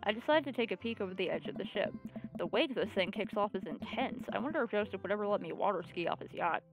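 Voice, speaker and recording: A woman's voice: mid-range voice, expressive, fast, music in the background. A woman streamer reading a video game aloud and playing it, with playful joking asides.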